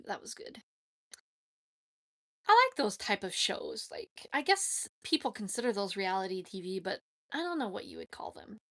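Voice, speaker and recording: A woman's voice: mid-range voice, very animated, moderate pace, a bit bright, no room sound, studio quality. A woman, chatting casually with viewers on a livestream, giggly and rambling. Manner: chatty, giggly, talks to herself. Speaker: livestream host.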